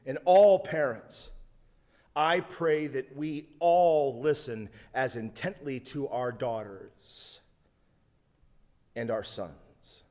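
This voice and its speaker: A man's voice: mid-range voice, takes it slowly, mellow. A man preaching a sermon, telling a humorous story with asides. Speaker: pastor.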